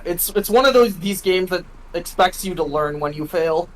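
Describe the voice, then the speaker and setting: A man's voice: sits high, animated, moderate pace, slight background noise, rough recording. A man chatting casually with a friend while gaming, swearing often and restarting his sentences. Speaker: co-streamer friend.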